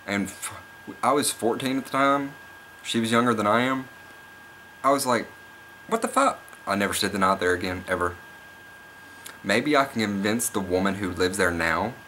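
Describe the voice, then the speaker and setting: Deep-voiced man telling a rambling story. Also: slight background noise. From Oklahoma. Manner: rambling, excitable, restarts and repeats himself. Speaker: vlogger. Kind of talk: casual storytelling vlog.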